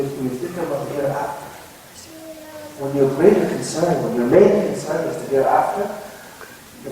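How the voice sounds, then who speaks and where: A man's voice: on the high side, dark tone. A man giving a casual, conversational Islamic lecture, telling a family story with many restarts and rhetorical questions. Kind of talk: storytelling sermon. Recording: echoey hall, speaker far from mic.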